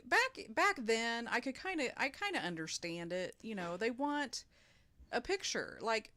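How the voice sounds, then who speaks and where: A woman's voice: on the high side, sing-song, unhurried, bright, forceful tone. A woman co-hosting a podcast in casual chat, reacting with gasps and exclamations to scary stories. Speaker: podcast co-host.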